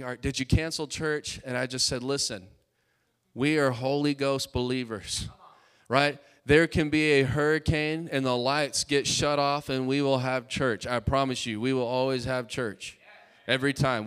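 A man's voice: medium pitch, fairly bright tone, clear, resonant tone. A male pastor preaching a fervent, emphatic sermon in church, calling out to his congregation.

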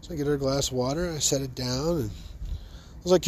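A man hosting a podcast, telling funny personal stories in an animated, joking, self-amused way. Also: medium pitch, brisk, slight background noise. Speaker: podcast host. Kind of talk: comic personal storytelling.

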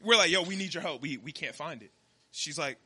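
A young man's high, very bright voice carries a lively story. As a podcast co-host he jumps into the dialogue and acts out each line. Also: brisk, husky. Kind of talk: casual storytelling chat.

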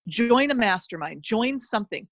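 A woman's voice: fairly high pitch, animated, normal speed, fairly bright tone, no room sound. A woman guest on a podcast giving a fired-up motivational pep talk, emphatic and full of repeated phrases. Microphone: close podcast mic.

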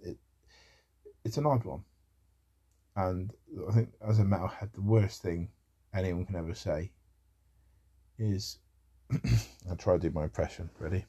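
A man's voice: sits low, normal speed, long pauses, mellow, husky, muffled recording. A man talking in a rambling casual monologue about music, with wry asides.

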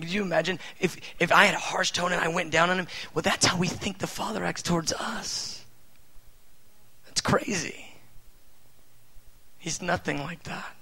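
A man in his thirties preaches with lively energy. He asks rhetorical questions and breaks into loud emphasis. His voice is fairly high, gravelly and bright. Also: poor audio. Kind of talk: sermon.

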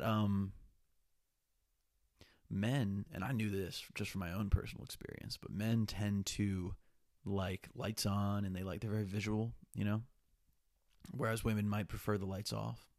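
A man's voice: fairly low pitch, a little mellow, dry recording, clean studio sound. A young man hosting his own podcast, rambling casually and restlessly, with plenty of swearing and a bit of a sniffle. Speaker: podcast host. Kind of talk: casual solo podcast monologue.

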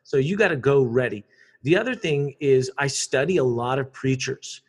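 A man, a public speaker chatting casually in an interview, animated and quick to repeat words. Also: mid-range voice, husky.

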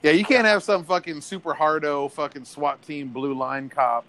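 A man's voice: on the high side, fairly even intonation, normal speed, a bit bright. A man hosting a podcast in casual, profane, joking chat. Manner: profane, joking, laughs often. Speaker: podcast host.

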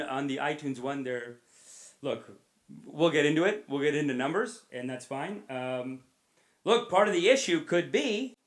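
A man hosting a comedy podcast, talking in a rambling, self-deprecating, jokey way. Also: a little high. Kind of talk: casual podcast monologue.

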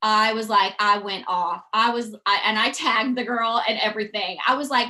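Bright, chatty woman. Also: medium pitch, normal speed, few pauses. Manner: chatty, animated, quotes people in acted voices. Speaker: podcast guest. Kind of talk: casual storytelling.

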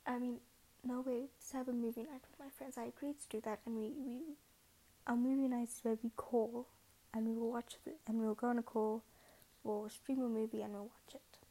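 A woman's voice: a little high, little pitch movement, a little fast, dark tone, low-quality recording. A young woman hosting a casual podcast, rambling and self-mocking, often dropping into a whisper. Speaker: podcast host. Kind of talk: casual monologue.

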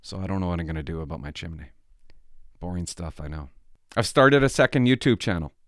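A man's voice: deep voice, a little fast, dry recording, studio quality. A middle-aged man vlogging, telling rambling stories in casual chat with many restarts.

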